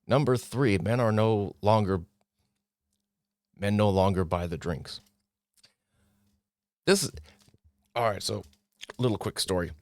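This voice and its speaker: Low-voiced man riffing on an article. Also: slow pace, long pauses, no room sound, studio quality. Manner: animated, mocking impressions of others. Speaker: podcast host. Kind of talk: casual commentary reading an article.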